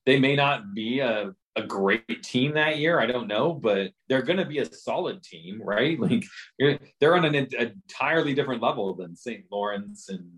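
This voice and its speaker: A man's voice: medium pitch, lively intonation, moderate pace, a bit bright. A man co-hosting a podcast, chatting casually about his team's schedule with many fillers and restarts. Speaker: podcast co-host. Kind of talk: casual sports chat.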